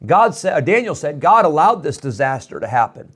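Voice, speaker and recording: Male preacher, earnest and pleading, fairly high-pitched sermon delivery. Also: sing-song, fairly quick, a bit bright, husky. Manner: earnest, pleading, emphatic repetition. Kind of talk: radio sermon.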